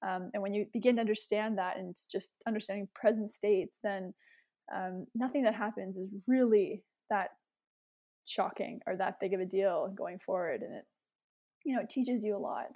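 A young woman telling a story as an interview guest, animated, with many fillers. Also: medium pitch, normal speed. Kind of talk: casual interview chat.

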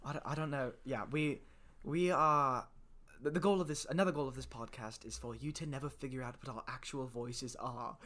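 A man's voice: medium pitch, steady tone, a little fast, few pauses, bright, forceful tone. An American man co-hosting a casual comedy podcast, talking in a rambling, self-deprecating way with lots of fillers, recorded from a bedroom. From United States. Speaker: podcast co-host.

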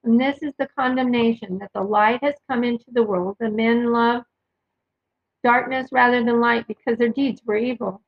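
A woman's voice: a little high, steady tone, normal speed, dull audio. A woman hosting a podcast, reading scripture passages aloud and adding her own asides and verse references. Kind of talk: casual Bible reading with commentary.

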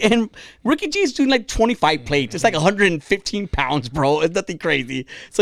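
A man's voice: high-pitched, sing-song, moderate pace, vocal fry, fairly bright tone, no echo, clean studio sound. A man hosting a casual podcast, telling a crude story with lots of joking. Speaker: podcast host.

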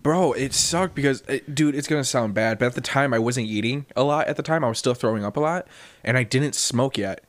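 An animated man telling a story on a casual podcast. His pitch jumps up when he acts out other people's lines, and laughter breaks into his telling. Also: a little fast. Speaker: podcast co-host.

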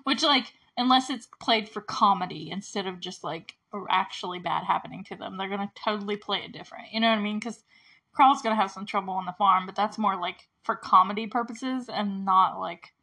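A woman's voice: mid-range voice, fairly quick, sharp tone. A woman casually recapping a movie, chatty and giggly, full of filler words and acting out the characters' lines.

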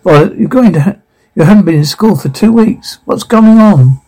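A man voicing a stern middle-aged father who is a psychiatrist, in halting, restarting phrases. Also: sits high, lively intonation, mellow.

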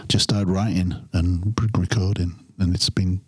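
Deep-voiced English musician, rambling. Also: male voice, little pitch movement, moderate pace, slightly rough, no room sound. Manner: rambling, self-interrupting, chuckling storyteller. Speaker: musician guest. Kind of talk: casual interview chat.

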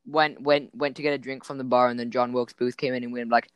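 A man's voice: mid-range voice, flat delivery, fast talker, clear, resonant tone, no echo. A teenage boy co-hosting a goofy podcast, joking and rambling with restarts. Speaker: podcast co-host. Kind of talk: goofy casual chat.

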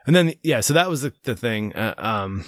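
A man's voice: mid-range voice, animated, moderate pace, a bit bright, no room sound. A middle-aged man chatting casually as a parent, rambling and retelling stories with quoted voices. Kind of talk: casual chat.

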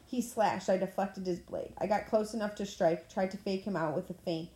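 A woman reading a novel aloud in a plain manner, now and then clearing her throat. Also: medium pitch, fairly even intonation, moderate pace, mellow. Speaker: audiobook reader. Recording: echoey room.

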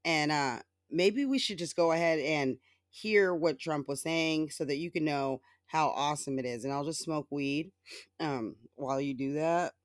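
A podcast host in a loose, sarcastic solo rant, cursing freely and laughing at their own jokes. The voice sits in a middle register and swoops high when mimicking others. The sound is close and dry, with no room around it. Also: moderate pace, dry recording. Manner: sarcastic, profane and mocking. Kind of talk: casual solo political rant.

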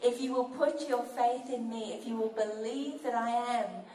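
A woman preaching a sermon with emphatic delivery, slowing down to stress key words. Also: fairly high pitch, steady tone, warm tone, a little hiss or hum. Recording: echoey room, mic at a distance.

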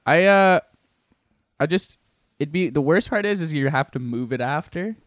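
A man's voice: a little high, expressive, moderate pace, no room sound, clean studio sound. A young man co-hosting a casual podcast, joking around and laughing often. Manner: laughs often, jokey, does voices. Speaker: podcast co-host. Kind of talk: casual chat.

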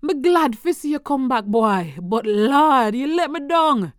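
Woman doing a Jamaican-accented scolding mother, raised pitch, reproachful, drawn-out, smooth clear voice. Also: expressive, dry recording, clean studio sound. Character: disappointed Jamaican mother scolding her son.

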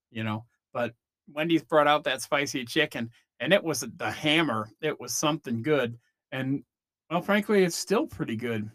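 A man's voice: a little high, a bit bright, no echo, clean studio sound. A man in his fifties from Northern Illinois, hosting a podcast in a casual, meandering monologue with easy swearing. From Northern Illinois, USA. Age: 50s. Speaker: podcast host.

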